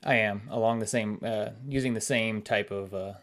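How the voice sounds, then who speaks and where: Laid-back low-voiced podcast guest man. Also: steady tone, moderate pace, a bit bright. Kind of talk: casual interview talk.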